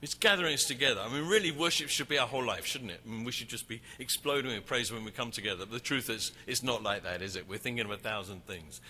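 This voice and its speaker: A man teaching about worship at a conference, animated as he tells a story. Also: mid-range voice, quick pace, hardly any pauses, a little hiss or hum. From England. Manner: animated, acts out shouting crowd. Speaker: worship leader. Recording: reverberant hall, faint ambience.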